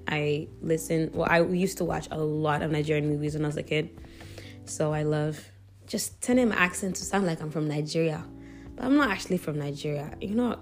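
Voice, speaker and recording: Chatty young woman hosting a faith podcast. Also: sits low. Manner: chatty, relaxed, frequent fillers and self-corrections. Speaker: podcast host. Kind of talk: casual faith podcast chat.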